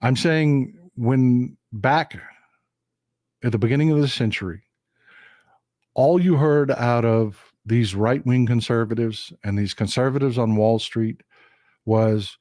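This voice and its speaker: A man's voice: medium pitch, slow pace, darkish tone, no echo, clean studio sound. A man with a Texan accent giving a casual political monologue on his live stream, emphatic and repetitive, often calling his viewers folks. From Texas.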